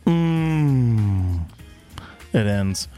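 A man's voice: mid-range voice, expressive, very slow, dark tone, faint music behind. A man co-hosting a podcast, reading listener comments playfully in casual chat. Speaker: podcast co-host.

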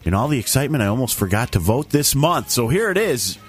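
A man's voice: mid-range voice, big pitch swings, quick pace, husky, soft background music. A man co-hosting a casual podcast, reading listener comments aloud in a jokey way and stumbling over the words. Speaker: podcast co-host.

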